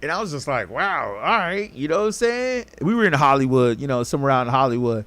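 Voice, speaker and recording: Here a fast-talking podcast host with a mid-range, slightly bright voice speaks with no echo. He rambles casually through a profane story and plays out people's quotes.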